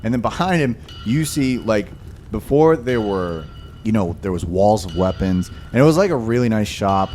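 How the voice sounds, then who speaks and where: A man's voice: fairly low pitch, lively intonation, moderate pace, darkish tone, slight background noise. A man narrating as game master in a rambling, casual way, full of fillers. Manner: rambling, filler-heavy, laughs often.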